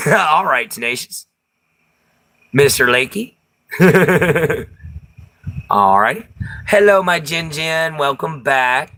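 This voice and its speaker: A man's voice: fairly high pitch, bright, forceful tone. A man with a Texan accent hosting a livestream, chatting casually with viewers, laughing often and using Southern slang. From Texas. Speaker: livestream host. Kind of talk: casual chat reading viewer comments.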